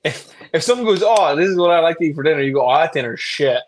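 Blunt, jokey man with a higher voice. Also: lively intonation, rapid-fire, a little hiss or hum. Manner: blunt, jokey, puts on voices for quoted people. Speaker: podcast co-host, coach. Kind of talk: casual chat.

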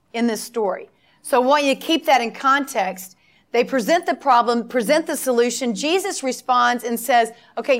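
A middle-aged woman delivers a sermon with a slightly high voice. She tells stories, acts out the dialogue in different voices and drives points home with emphatic repetition. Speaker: preacher.

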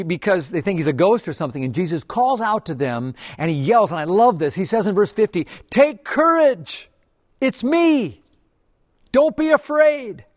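Guy preaching gentle earnest sermon, middle pitch, dry close sound, goes real soft at times. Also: no echo. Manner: earnest and gentle, often softening to a hush. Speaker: pastor. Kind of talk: devotional sermon.

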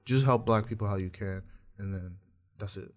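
A man's voice: on the low side, normal speed. Blunt, profane man ranting on a podcast. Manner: blunt, profane, heated rants. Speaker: podcast host. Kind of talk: casual podcast chat.

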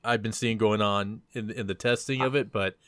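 A man's voice: fairly low pitch, steady tone, a bit bright, no room sound. Stammering man, dry close sound. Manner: stammering, rushed explanations. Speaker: podcast panelist, game tester. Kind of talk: casual gaming discussion.

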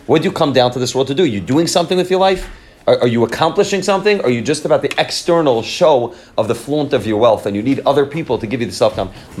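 A man teaching a story with commentary as a Torah teacher, animated, repeating words and phrases, and mixing in Hebrew and Yiddish terms. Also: medium pitch, quick pace.

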